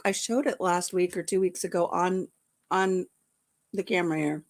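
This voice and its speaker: A woman's voice: mid-range voice, takes it slowly, pauses often. Chatty, rambling woman vlog host. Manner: chatty and rambling, greeting viewers by name. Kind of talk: casual livestream chat.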